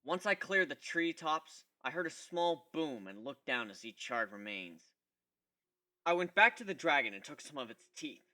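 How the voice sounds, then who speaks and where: A man narrates a fan story in the first person, giving it a dramatic reading. His voice is bright and lively, and its pitch rises and falls freely. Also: normal speed. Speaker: reader.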